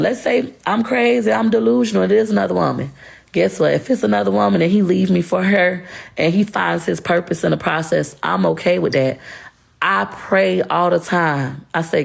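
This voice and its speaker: Blunt, heated woman with a gravelly low voice. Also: normal speed. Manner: blunt and heated, heavy cursing. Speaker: social media creator talking about her marriage. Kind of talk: candid monologue to camera.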